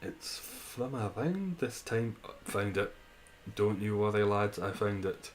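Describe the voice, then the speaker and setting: Male streamer, lower register, casual banter with viewers, frequent laughs. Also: expressive, takes it slowly, slight background noise, poor audio. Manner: chatty, reads and answers chat, laughs often. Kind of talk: casual live-stream chat.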